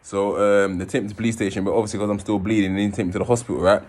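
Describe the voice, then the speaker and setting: A man, casually telling his own story in an animated way, swearing and acting out scenes. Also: fairly low pitch, very fast. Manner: animated, swearing, acts out scenes in raised voices.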